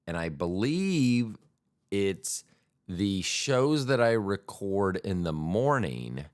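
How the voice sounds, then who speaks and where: A man with a very low voice hosts a solo podcast in a casual comic monologue. He talks slowly and rambles, poking fun at himself with crude jokes. His pitch swings widely from phrase to phrase. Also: big pitch swings. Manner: rambling, self-deprecating, crude humor. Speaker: podcast host.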